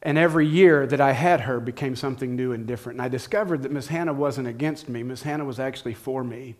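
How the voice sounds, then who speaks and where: This middle-aged pastor has a mid-range, somewhat mellow voice and talks quickly. Sharing a personal anecdote in his sermon, he keeps it conversational and speaks right to his audience.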